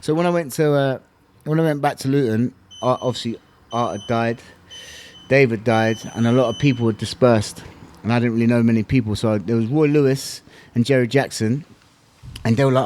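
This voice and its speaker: A man's voice: mid-range voice, fairly even intonation, a little fast, a little mellow. A man, a former fighter and podcast guest, telling his story bluntly, swearing and using slang. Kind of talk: casual interview talk.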